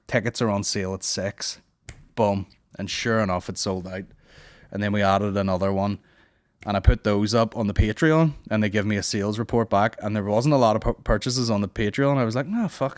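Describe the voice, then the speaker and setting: A man's voice: on the low side, fairly even intonation, a little fast, no room sound, clean studio sound. A young man hosting a comedy podcast, rambling and swearing in a casual monologue. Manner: rambling, profane, puts on silly voices.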